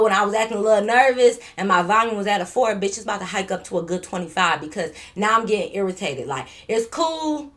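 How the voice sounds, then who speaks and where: A woman vlogger telling a story in a casual, animated, profane way, repeating herself and stuttering a little. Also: medium pitch.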